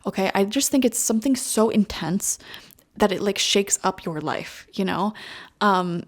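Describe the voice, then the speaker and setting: A woman's voice: mid-range voice, unhurried. A young woman giving a casual tarot reading, chatty and full of fillers as she talks to viewers. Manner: chatty, full of "like" and "you know". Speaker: tarot reader.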